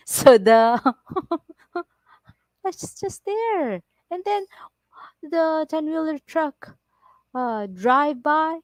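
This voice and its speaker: Slow-talking Filipino woman, casual livestream. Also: sits high, no room sound. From Philippines. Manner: animated storytelling, laughs often, broken English. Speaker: vlogger on a livestream.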